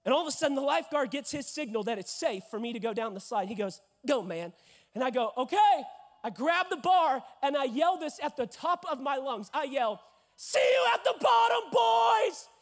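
A young man in his twenties preaching a sermon, telling a lively story and acting out voices, rising to shouts at the peaks. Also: very high-pitched, fast talker, hardly any pauses. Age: 20s.

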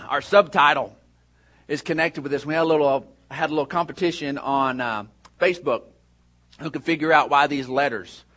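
Man pastor, high voice, storytelling sermon that drops low then builds loud. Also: moderate pace. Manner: storytelling, swings from hushed to raised.

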